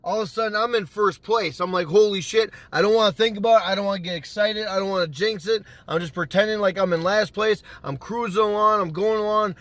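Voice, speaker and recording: A man telling a gaming story to camera in a casual, animated way, swearing freely and acting out what he said back then. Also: sits high, fast, few pauses, no room sound. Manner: animated, swears freely, acts out his own past lines. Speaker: gaming YouTuber.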